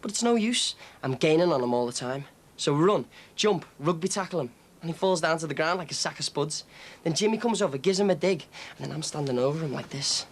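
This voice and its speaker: With few pauses and a fairly quick pace, a man voices a boastful young ex-con in a TV soap drama. His fairly high, expressive delivery swaggers and chuckles as the cocky character brags about his violent exploits.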